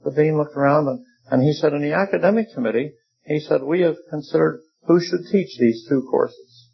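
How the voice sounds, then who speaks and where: An older man preaches in a gravelly, husky voice that sits a little high for a man. He talks in a folksy, wry way and drops in humor. The recording sounds dull and lo-fi. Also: a little fast. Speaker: preacher and seminary teacher. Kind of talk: sermon.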